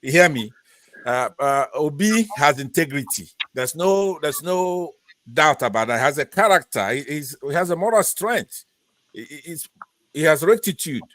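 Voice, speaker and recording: A man's voice: on the high side, lively intonation, normal speed, fairly bright tone, dry recording. A man with a Nigerian Pidgin accent, speaking as a panelist in a political debate, rambling and mixing Pidgin with English.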